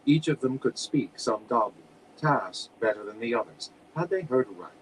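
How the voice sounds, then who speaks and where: An audiobook reader, a man of middling pitch, reads a fantasy novel in a steady, plain way at normal speed. The low-quality recording sounds like a home room, with a faint air-conditioner hum underneath.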